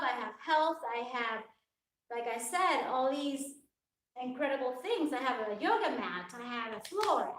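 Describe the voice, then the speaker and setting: High-voiced woman coaching on a live stream. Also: fairly bright tone. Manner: earnest rambling with fillers like "it's like". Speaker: fitness coach. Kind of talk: casual live-stream talk. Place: home workout space with a yoga mat. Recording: roomy echo from a distant mic.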